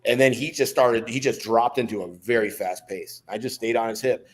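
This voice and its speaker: A man's voice: medium pitch, moderate pace. A middle-aged American man talks through an old memory on a podcast. He rambles at an easy pace, restarting his sentences as he goes. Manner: relaxed, rambling storyteller with restarts. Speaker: guest, former Navy SEAL. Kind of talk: storytelling in a podcast interview.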